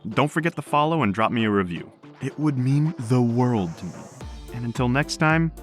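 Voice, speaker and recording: A man hosting a podcast, reading stories aloud in an animated storytelling manner. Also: mid-range voice, moderate pace, soft background music. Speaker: podcast host.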